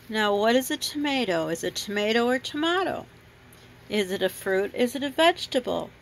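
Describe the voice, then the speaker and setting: Showing off fruit and veg at home, a woman who grew up in another country rambles chattily, often saying um and correcting herself. She has a mid-range, fairly bright voice, heard through a rough recording with a little hiss or hum.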